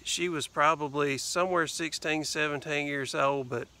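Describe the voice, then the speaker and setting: A Southern man talks casually to his vlog viewers, meandering through a story with plenty of "uh" and "anyway." His voice is gravelly and fairly high for a man. It has a bright, forceful edge. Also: fairly even intonation, normal speed. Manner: rambling, lots of fillers and "anyway". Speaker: vlogger.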